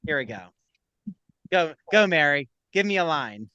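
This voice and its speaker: Bright, joking man hosting a gossip chat. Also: a little high, big pitch swings, smooth, no echo, dull audio. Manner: playful, mocking, quick to joke. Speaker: podcast host.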